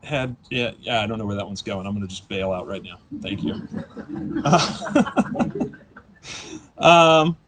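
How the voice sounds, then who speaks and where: A man in his thirties doing a live stand-up set, rambling and self-deprecating with deadpan asides. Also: on the low side, slow pace, long pauses, heavy background noise. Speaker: stand-up comedian. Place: comedy stage before a live audience.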